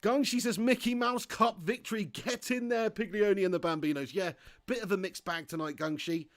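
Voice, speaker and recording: A young man streaming a football game, excitable and loud, laughing and swearing as he cheers and reads out chat. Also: high-pitched, moderate pace. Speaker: gaming streamer. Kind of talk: live-stream commentary and chat reading.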